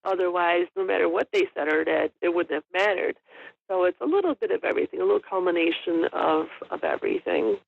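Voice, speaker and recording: A woman's voice: lowish voice, big pitch swings, fast, creaky, dry recording, phone-quality sound. A middle-aged woman, a guest on an interview podcast, talking casually and rambling with lots of ums and little laughs. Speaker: guest, hunter and store owner.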